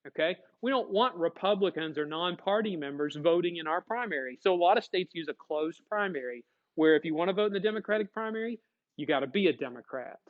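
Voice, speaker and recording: A man teaching a classroom lecture, lively, acting out short dialogues as he explains. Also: a little high, a little fast, phone-quality sound. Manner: animated, acts out little dialogues.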